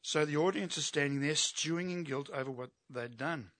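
A man's voice: on the high side, moderate pace, fairly bright tone, no room sound. A man preaching an expository sermon, emphatic and asking his listeners rhetorical questions.

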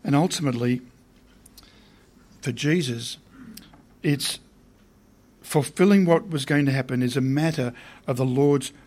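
A man's voice: medium pitch, a little slow, long pauses, a little mellow. A man preaching a sermon in a conversational way, often putting questions to his listeners.

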